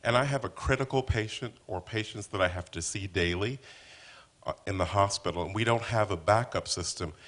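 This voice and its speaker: A man's voice: fairly low pitch, brisk, a bit bright. A man, a physician, asking an earnest, long-winded question from the audience.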